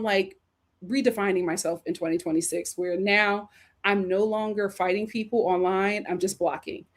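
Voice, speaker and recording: A woman from Philadelphia hosting a live stream, reading chat comments aloud and reacting in an animated, heated way, often breaking into laughter. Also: a little high.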